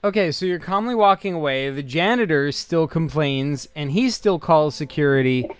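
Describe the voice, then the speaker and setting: A man's voice: a little high, clear, resonant tone, soft background music. A man narrating as game master, talking casually with many fillers and restarts. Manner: halting, full of fillers and laughs.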